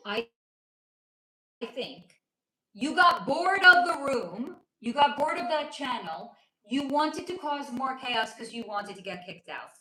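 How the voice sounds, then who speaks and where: In a reverberant, low-quality recording, a woman with a high, bright, forceful voice hosts a casual livestream from home with her child nearby. A spiritual reader, she chats playfully, answering viewer comments, teasing them, and laughing often.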